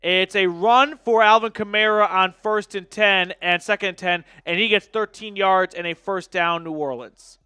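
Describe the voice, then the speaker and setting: A man hosting a live fan stream, calling football plays quickly and casually, and bursting into excited shouts and chants when he reads out viewer donations. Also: sits high, clear, resonant tone, no echo, clean studio sound. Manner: rapid, casual play-calling with quick asides. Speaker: fan watch-party host doing play-by-play. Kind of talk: live stream play-by-play and chat.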